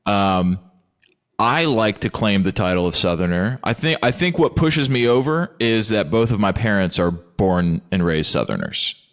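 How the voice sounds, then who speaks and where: A man's voice: on the low side, animated, normal speed, fairly bright tone. A man hosting a podcast interview, friendly and easygoing, sometimes hesitant as he talks. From born in New Hampshire, raised near Detroit, long in the South. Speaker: podcast host. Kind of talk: casual interview chat.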